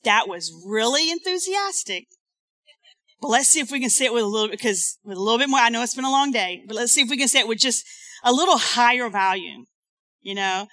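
A woman delivers a church sermon in a high, ringing voice with a bright, forceful edge. She keeps the congregation involved and prompts them to repeat key phrases to the people beside them. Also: expressive, brisk. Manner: interactive, calls on the congregation to repeat lines. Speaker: preacher. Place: church sanctuary.

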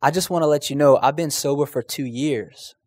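A man's voice: on the high side, a little fast, natural voice. A man briefly voicing a recovering woman as she tells her story, slightly raising his voice for her. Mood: earnest.

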